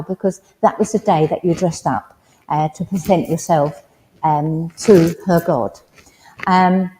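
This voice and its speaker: Woman medium, lowish voice, lots of ums, echoey hall with faint noise. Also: warm tone. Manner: halting, full of ums, relays spirit messages. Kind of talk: mediumship demonstration at a service. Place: village hall.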